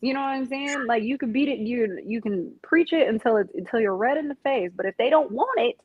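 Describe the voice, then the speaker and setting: A woman's voice: a little high, expressive, brisk, slightly rough, no echo, narrow, tinny audio. A woman hosting a casual conversation, emphatic and agreeable, speaking in a slangy way. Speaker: podcast host.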